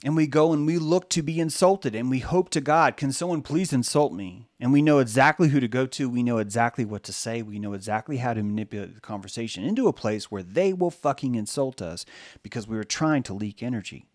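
A man's voice: medium pitch, brisk, darkish tone, no echo. Profane rambling male lecturer, dry close sound. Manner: rambling, profane, acts out quoted voices. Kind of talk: casual spoken lecture.

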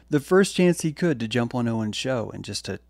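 Gravelly, blunt preachy man. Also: medium pitch, lively intonation, normal speed, dry recording. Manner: blunt, profane and preachy, swings from loud to hushed. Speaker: streamer. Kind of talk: impassioned monologue.

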